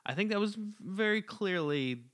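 Halting man co-hosting a comics podcast. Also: high-pitched, animated, fairly bright tone. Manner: halting, with many fillers and backchannels. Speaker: podcast co-host. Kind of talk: casual comic review chat.

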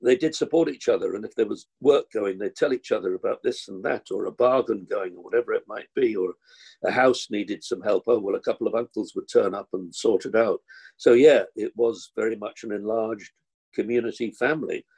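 An older man from Kilburn in London, telling theatre anecdotes as an interview guest. His voice is gravelly and husky. He tells the stories with animation and acts out the people in them. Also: lowish voice, fairly quick, a little mellow. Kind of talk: anecdotal storytelling.

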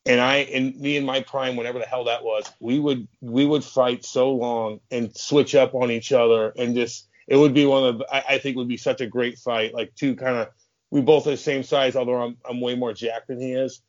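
A man's voice: mid-range voice, steady tone, moderate pace. Rowdy storytelling man, muffled audio. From St. Louis, USA. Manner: rambling, swears freely, laughs at his own stories. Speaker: podcast guest, former hockey enforcer. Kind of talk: casual storytelling.

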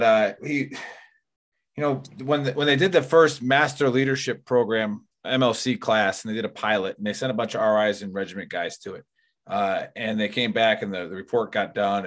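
A man's voice: lowish voice, a bit bright. Rambling, profane podcast host, man. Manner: rambling, profane, heavy use of "like" and "you know". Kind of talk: casual chat.

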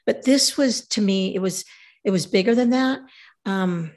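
A woman telling a travel story in a casual, animated way, acting out the voices of the people in it. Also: mid-range voice, measured pace.

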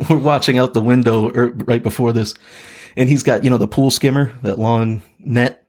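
A man's voice: medium pitch, fairly even intonation, moderate pace, darkish tone. A man in his thirties, a podcast co-host, telling a story in a laid-back way, with lots of fillers and laughs. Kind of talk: casual storytelling chat.

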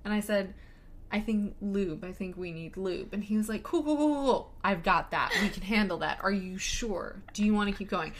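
A woman's voice: medium pitch, steady tone, moderate pace, fairly bright tone, slight background noise. Candid, swearing woman guest. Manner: candid, emphatic storytelling, swears freely. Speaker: podcast guest. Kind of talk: casual chat.

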